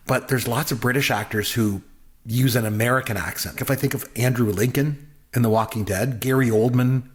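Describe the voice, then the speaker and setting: A man co-hosting a podcast, chatting casually and enthusiastically about a film, rambling with many fillers. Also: mid-range voice. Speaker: podcast co-host, film reviewer. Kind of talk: casual movie review chat.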